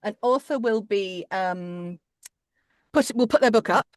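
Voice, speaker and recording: A woman chats about her narration work, quick and full of restarts and asides. Her voice sits mid-pitch, recorded close on a dry mic with no room sound. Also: no echo. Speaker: audiobook narrator and coach. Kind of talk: casual interview chat.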